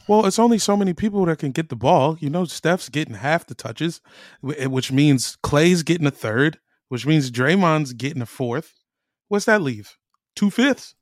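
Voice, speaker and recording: A man co-hosting a basketball podcast in casual chat, joking and animated as he tells stories. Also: on the high side, normal speed, no room sound, clean studio sound. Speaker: podcast co-host.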